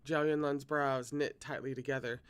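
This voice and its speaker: A man reading a novel aloud at a steady pace, now and then correcting himself. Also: medium pitch, normal speed, smooth. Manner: steady, occasional self-corrections. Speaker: reader.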